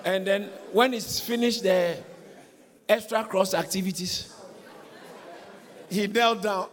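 A man's voice: sits high, steady tone, slow pace, pauses often, a bit bright. A man preaching as a pastor in a church, telling a story with energy, repeating phrases and putting questions to the congregation. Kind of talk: sermon. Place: church hall. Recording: echoey church hall.

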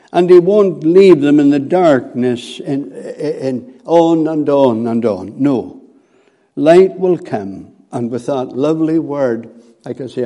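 Slow, dark-voiced male preacher. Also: medium pitch. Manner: slow and deliberate, with hesitant fillers. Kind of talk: sermon.

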